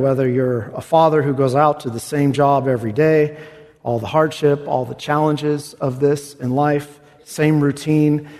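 A man preaching an expository sermon, animated, swinging from hushed tones to exclamation. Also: a little high. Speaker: pastor. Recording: reverberant hall.

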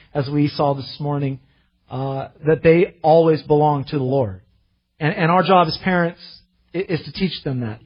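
A pastor preaching a sermon in an earnest way, rising to impassioned readings of scripture. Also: male voice, a little high, slightly rough, dull audio.

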